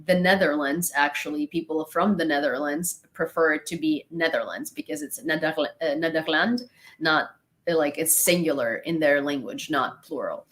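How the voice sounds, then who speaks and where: A woman's voice: low-pitched, moderate pace, a bit bright. A young woman hosting a casual live stream, chatting and rambling as she thanks viewers and laughs along the way. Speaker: live-stream host reading chat.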